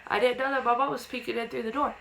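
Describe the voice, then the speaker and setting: A woman's voice: a little high, steady tone, racing, gravelly, a bit bright, slight background noise, rough recording. A young woman vlogger casually telling a personal ghost story to camera, acting out quotes in a raised childlike voice.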